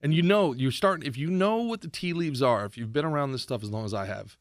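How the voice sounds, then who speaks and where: A man hosting his own podcast, ranting sarcastically about politics in a mocking, animated way. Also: a little high, fast talker, no room sound, studio quality. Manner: sarcastic, mocking, animated rant with shouted impressions. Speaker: podcast host.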